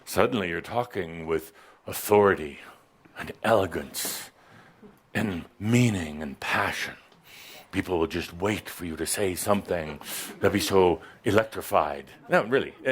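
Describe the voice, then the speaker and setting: A man's voice: fairly low pitch, lively intonation, moderate pace. A man giving a playful, theatrical spiritual talk to a live audience, joking and full of asides.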